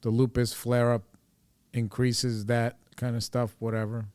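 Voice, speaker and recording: A man's voice: mid-range voice, level tone, a little slow, a little mellow, clean tone, no room sound. A man hosting a podcast, telling a personal story in a casual, rambling way, full of fillers and swearing. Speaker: podcast host.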